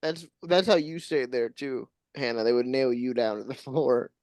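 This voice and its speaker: Co-host, mid pitch, dry booth sound; quick teasing wisecracks. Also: a little mellow, no room sound. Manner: teasing, joking asides. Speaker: podcast co-host. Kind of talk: casual chat.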